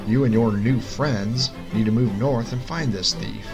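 A man voicing an angry, exasperated king who booms and scolds, with music behind. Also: a little slow, poor audio. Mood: stern. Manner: booming and scolding.

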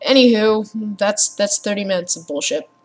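Speaking at a medium pitch and moderate pace, a young woman rambles casually at her home computer as a gaming vlogger. Her tone is sarcastic, and she tends to swear and rant. The audio comes from a computer mic with headphones.

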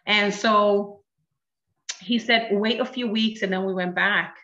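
A woman in her thirties tells her story with lively energy, acting out every exchange in quoted voices. Her voice is bright and forceful. The recording sounds dull and roomy, with a noticeable echo. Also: medium pitch, slow pace. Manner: animated, acts out dialogue in quoted voices. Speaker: guest sharing a testimony. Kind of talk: emotional personal storytelling.

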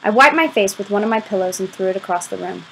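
A woman reading a novel aloud as an audiobook, giving the first-person narration a lively, expressive delivery. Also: medium pitch, quick pace, creaky, slight background noise, poor audio. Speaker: audiobook reader.

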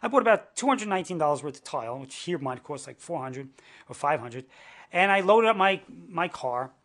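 A man's voice: on the high side, expressive, fairly quick, a bit bright. A middle-aged American man telling his own story, earnest and indignant, stumbling through many restarts and fillers. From United States. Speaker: interviewee. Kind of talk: personal testimony to camera.

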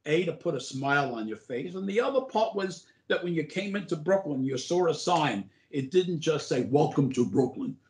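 A man's voice: fairly high pitch, lively intonation, normal speed, darkish tone. Older man telling rambling anecdotes, roomy echo. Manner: rambling anecdotes full of "uh" and restarts. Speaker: former borough president, guest. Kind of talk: casual interview storytelling.

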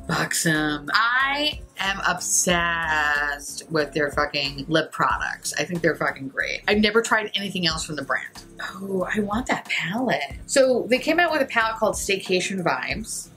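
Giggly, foul-mouthed woman with a bright voice. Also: mid-range voice. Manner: profane, blunt and giggly. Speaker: beauty YouTuber. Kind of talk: casual makeup review chat.

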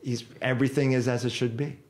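A man guest on a podcast, telling a personal story in a casual, animated way, cursing freely and repeating words as he goes. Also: mid-range voice, fast talker.

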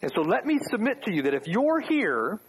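Man, pastor, sermon, high husky voice, animated pitch, rhetorical questions. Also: brisk, poor audio. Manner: rhetorical questions, wry asides. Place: church.

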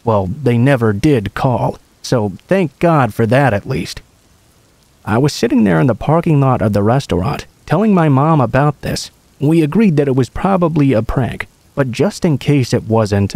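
Calm, mellow-voiced man narrating horror stories. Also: medium pitch, creaky, no room sound.

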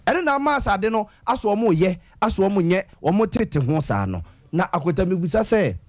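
Ghanaian male panelist, slightly high, lively voice, steady explanatory talk. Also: fairly quick. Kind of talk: radio discussion.

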